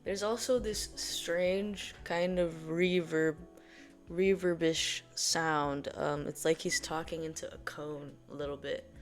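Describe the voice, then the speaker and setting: Speaking slowly with fairly even intonation, this video host chats casually as she explains things, full of fillers and frequent laughter. She sounds slightly low-pitched, and soft music can be heard in the background.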